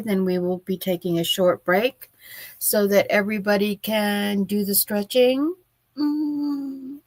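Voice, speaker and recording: A woman's voice: medium pitch, a bit bright, no room sound. A woman hosting a writing livestream from her home office, chatting casually and sleepily, yawning between remarks. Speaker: livestream host.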